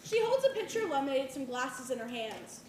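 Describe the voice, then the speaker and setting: A woman reading the stage directions at a live play reading in a clear, measured way. Her high voice rings in an echoey hall, with a faint hiss under it. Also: very animated, a little mellow.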